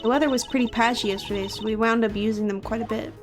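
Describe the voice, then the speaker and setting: A woman's voice: fairly high pitch, steady tone, fast. A woman streamer reading video game dialogue aloud, playful and chatty. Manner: playful, laughs at own voicing. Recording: faint game music behind.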